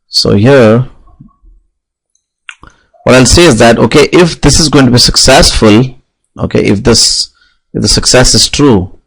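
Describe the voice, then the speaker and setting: In poor audio, a man with a slightly rough, mid-range voice teaches object-oriented programming. He narrates his code while typing it, leaning on fillers like "okay" and "you know," in the style of a live coding tutorial.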